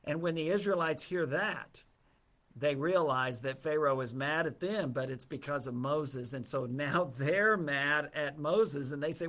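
A man's voice: on the high side, unhurried, fairly bright tone. A man teaching a Bible study, retelling the story casually with humorous asides.

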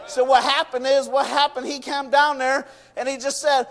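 High-voiced fervent man preaching. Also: little pitch movement, normal speed, fairly bright tone. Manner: fervent, repeats "you know what" and "I tell you". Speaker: pastor. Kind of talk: sermon. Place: church. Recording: long reverb of a church hall.

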